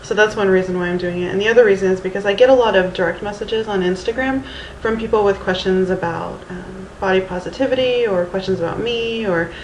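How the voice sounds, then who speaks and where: A Houston vlogger in her thirties rambles casually through a storytime video into her camera's mic, using Valley Girl-like speech full of ums and restarts. Her mid-range voice is quick and darkish with hardly any pauses, and the roomy recording carries faint ambience plus a little hiss or hum.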